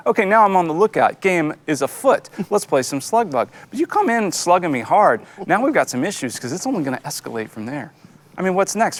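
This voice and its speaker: A man co-hosting a church show, delivering a comedic, exasperated rant. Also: fairly high pitch. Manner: animated, exasperated ranting.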